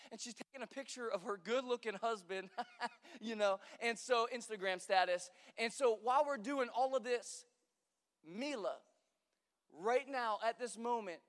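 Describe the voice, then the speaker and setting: Long reverb from a big church hall surrounds this young male pastor as he tells stories, jokes, and chats his way through a sermon full of fillers. His voice is very high with a fairly bright tone.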